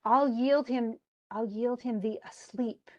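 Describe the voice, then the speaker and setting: A woman's voice: a little high, steady tone, slow, dull audio. A woman voicing a bitter, scheming male island monster, pleading in old-fashioned verse.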